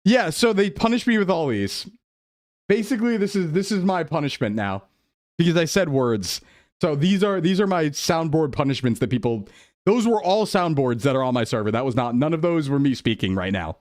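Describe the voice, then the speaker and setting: A male VTuber with a fairly high, slightly mellow voice chats animatedly at a moderate pace, captured dry and clean like a studio recording through his desktop streaming mic. He laughs through his livestream as he flusteredly defends himself.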